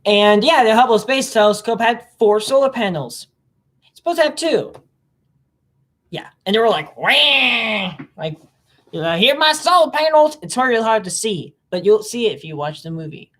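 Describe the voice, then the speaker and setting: A vlogger talking in a casual, rambling monologue, hopping between topics, the voice jumping up in pitch when excited. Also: moderate pace. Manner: mimics other people in silly voices.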